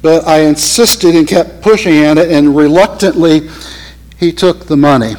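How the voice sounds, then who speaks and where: An earnest male pastor telling a story from the pulpit, his voice sitting a bit high for a man. He slows down to lean on the key moments. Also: a little mellow, low-quality recording. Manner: earnest storyteller, slowing for emphasis. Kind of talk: sermon storytelling.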